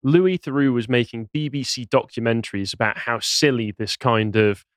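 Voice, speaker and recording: A man on a podcast, mid-pitched and jokey, mocking the subject as he talks. The mic is close and the sound is dry, with no room echo. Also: moderate pace. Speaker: podcast co-host. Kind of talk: casual podcast chat.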